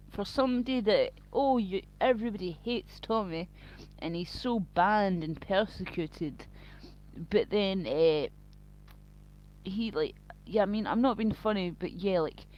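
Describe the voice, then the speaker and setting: A woman's voice: lowish voice, darkish tone, a little hiss or hum. A woman chatting live to her stream viewers in a rambling, crude and profane way. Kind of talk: casual live-stream chat. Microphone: cheap built-in mic. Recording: dull lo-fi home stream audio.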